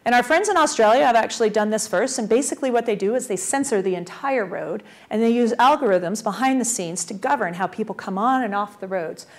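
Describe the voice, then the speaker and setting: A woman giving a conference presentation as a transportation official, energetic and full of rhetorical questions. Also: a little high, brisk, few pauses.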